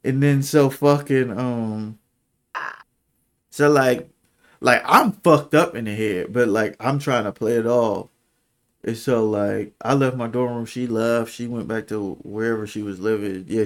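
A young man co-hosting a podcast tells a raw, casual story, candid and slangy with lots of "like" and "bro." He gets emotional, his voice dropping low and soft as he recalls things.

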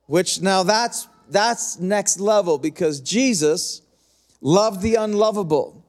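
A middle-aged man preaching a sermon as pastor, in a conversational, repetitive style that slows down to stretch key lines. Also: high-pitched.

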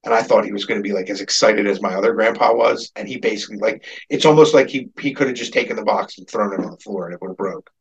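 A man's voice: on the low side, quick pace, few pauses, breathy edge, highs cut off. A man on a casual podcast, telling a long personal story in a rambling, profane way and livening up when he quotes people. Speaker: podcast co-host.

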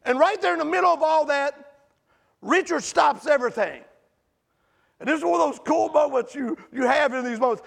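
A preacher man with a strikingly high, gravelly voice tells a story from the pulpit, his delivery animated and swelling into shouts at its peaks. The sermon style is lively and conversational. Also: normal speed. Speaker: pastor.

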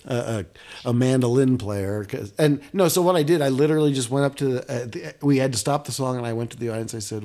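A man co-hosting a casual podcast, telling a gig story with animated, loud exclamations. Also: mid-range voice, quick pace. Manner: animated, rising to loud exclamations when retelling. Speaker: podcast co-host; guitarist.

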